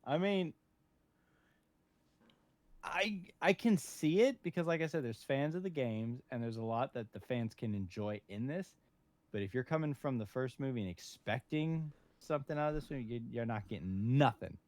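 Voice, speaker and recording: A man co-hosting a casual podcast chat, joking and playful with animated asides. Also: medium pitch, normal speed, no echo. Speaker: podcast co-host.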